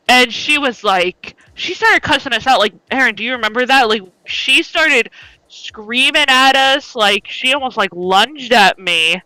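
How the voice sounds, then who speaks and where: A woman's voice: on the high side, animated, moderate pace, pushed and bright, clean tone, no echo, low-quality recording. A young woman telling stories in a casual chat, swearing freely and laughing between lines. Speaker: podcast co-host.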